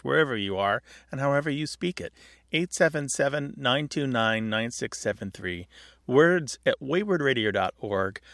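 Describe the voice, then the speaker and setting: A man's voice: medium pitch, vocal fry, a bit bright, no room sound, clean studio sound. A man co-hosting a radio call-in show about language, explaining words in a chatty way and laughing often.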